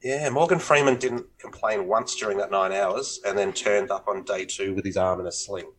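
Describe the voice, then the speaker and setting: A man's voice: lowish voice, steady tone, moderate pace, a bit bright, a little hiss or hum, rough recording. A man, co-hosting a podcast in casual chat, upbeat and teasing. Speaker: podcast co-host.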